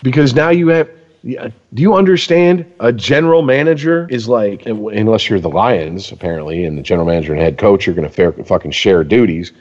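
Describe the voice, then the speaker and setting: A man's voice: fairly low pitch, brisk, long reverb tail, highs cut off. A man ranting in profane casual sports chat as a podcast co-host. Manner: ranting, heavy swearing, animated.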